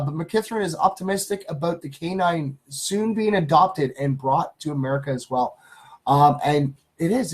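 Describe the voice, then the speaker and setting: A man hosting a live stream, casually reading good-news stories aloud and greeting viewers in the chat, with many ums and uhs. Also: on the high side.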